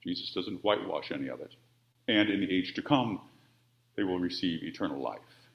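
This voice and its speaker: A man preaching a sermon, by turns emphatic and quiet. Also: normal speed. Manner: expressive, with wide swings of pitch and volume. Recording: roomy, dull-sounding church audio.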